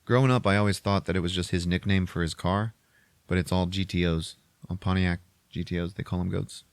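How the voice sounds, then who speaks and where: A man in his forties hosting a podcast, retelling a film in a loose, swearing, rambling way. His voice sits low. The sound is dry and close. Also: steady tone, fairly quick, no room sound. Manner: profane and rambling, lots of filler. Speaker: podcast host. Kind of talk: casual movie recap chat.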